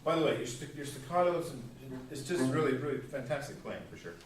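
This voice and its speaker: A man's voice: fairly high pitch, fast talker. Male masterclass teacher, playful explainer, roomy distant pickup with faint hiss. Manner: playful, uses vivid sound words. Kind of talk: coaching a string quartet. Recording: echoey hall from far off.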